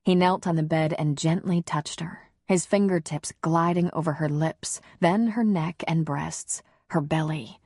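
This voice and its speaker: A woman narrating an audiobook in a calm, even, intimate reading. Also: low-pitched, unhurried, hardly any pauses, slightly rough, dry recording, clean studio sound. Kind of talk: scripted narration.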